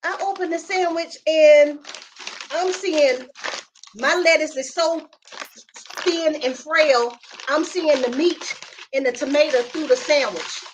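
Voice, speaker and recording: Brief: woman podcast co-host, high voice, emphatic and indignant, repeats herself for effect. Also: takes it slowly, long pauses, slight background noise. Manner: emphatic, indignant storytelling with lots of repetition. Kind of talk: casual chat, storytelling.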